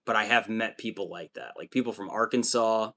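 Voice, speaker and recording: A man's voice: lowish voice, fairly quick, bright, forceful tone. Rambling, swearing male streamer. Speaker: livestream host. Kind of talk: casual chat while building miniatures.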